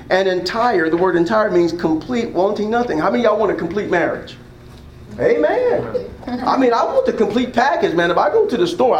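A man's voice: high voice, reverberant, low-quality recording. A man preaching an interactive sermon as pastor, asking the congregation questions and drawing call-and-response. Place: church hall.

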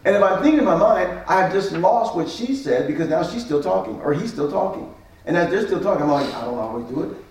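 Animated pastor in an echoey hall. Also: male voice, high voice, fairly quick. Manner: animated, acts out arguments with repeated phrases. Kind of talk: sermon teaching on marriage. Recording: echoey hall, mic at a distance.

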